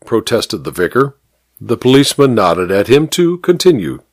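A man narrating a story in a wry, expressive reading style. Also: fairly low pitch, moderate pace, no room sound.

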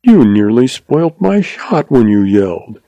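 A man reading a story aloud and voicing a young ranch woman who speaks slowly and sweetly with a mocking edge. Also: mid-range voice, very animated, dark tone, no room sound. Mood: sugary. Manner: deliberate, sugary.

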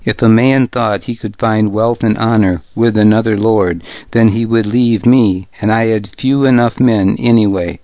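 A man reading a first-person audiobook in a measured, grave manner, close to the mic in a dull, lo-fi recording. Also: fairly low pitch, fairly even intonation, warm tone, no room sound. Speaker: audiobook narrator. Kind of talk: first-person scripted narration.

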